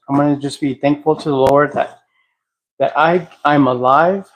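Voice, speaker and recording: A man hosting a casual livestream at home, talking in a reflective, halting way and sometimes singing softly. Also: on the high side, rough recording. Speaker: livestream host. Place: at home, cleaning a house.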